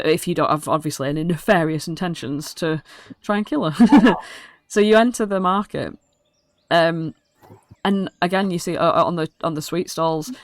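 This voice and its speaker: A woman's voice: fairly low pitch, dry recording. A British woman narrating a tabletop game as dungeon master in a casual, rambling, sweary way.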